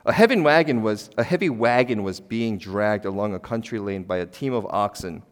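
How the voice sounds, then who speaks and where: A middle-aged man preaching a sermon as a pastor in a church. He is conversational and emphatic, asks the congregation questions and breaks into sudden loud exclamations. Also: lowish voice, normal speed. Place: church sanctuary. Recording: long church hall reverb.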